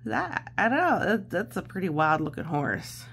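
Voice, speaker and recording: A woman reading a children's picture book aloud slowly and playfully, chatting about the pictures and acting out the silly noises. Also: medium pitch, big pitch swings, vocal fry, a little hiss or hum. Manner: slow, gentle, playful, acts out noises.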